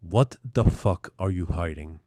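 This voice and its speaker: A man's voice: sits low, a little slow, mellow, dry recording, studio quality. A man voicing a stern middle-aged police captain who barks orders. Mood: barking. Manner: barking, commanding.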